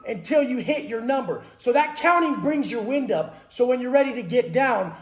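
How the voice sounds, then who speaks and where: Blunt, profane high-voiced man in an echoey room. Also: lively intonation, a little fast, few pauses. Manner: aggressive, profane, emphatic. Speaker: fitness and mindset coach. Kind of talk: blunt profane monologue about prison life. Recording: roomy echo.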